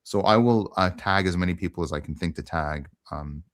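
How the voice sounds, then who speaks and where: A man's voice: low voice, a little fast, fairly bright tone. A man hosting a casual online conversation, talking earnestly with frequent ums. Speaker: host.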